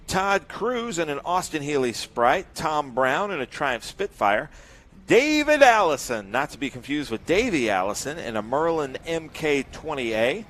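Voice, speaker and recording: A man's voice: fairly high pitch, fairly bright tone. A man doing live race commentary, joking around and reeling off long lists of drivers and cars.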